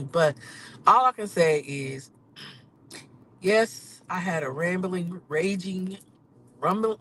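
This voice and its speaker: Driving on city streets, a woman who podcasts and drives rideshare vents in a casual live vlog from her car. She swings from low mutters to loud exclamations, and the poor audio carries a little hiss or hum.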